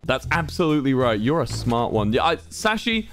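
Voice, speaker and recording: Lively playful young man hosting a stream. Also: medium pitch, normal speed, a little hiss or hum. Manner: playful mock-commanding, reading viewers' signs aloud. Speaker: streamer hosting a game event. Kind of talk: live-streamed game commentary.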